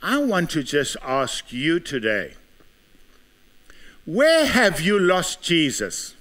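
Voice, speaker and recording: A male South African preacher delivers a sermon in a high, bright voice that swings widely up and down. He takes his time, stacking emphatic rhetorical questions one after another. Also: wildly swooping pitch, slow pace, pauses often. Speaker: pastor.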